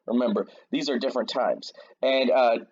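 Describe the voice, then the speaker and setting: A man's voice: mid-range voice, steady tone, moderate pace, a little mellow, slightly rough, lo-fi sound. A man casually retelling a Bible story in a slangy, jokey, conversational way to a young audience. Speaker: youth storyteller.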